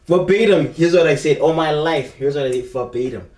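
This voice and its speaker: A man's voice: fairly high pitch, a little fast, a little mellow. A young man with a South African accent, rambling through a casual storytime in slangy street talk. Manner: rambling and slangy, keeps calling the viewer bro. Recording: echoey room, mic at a distance.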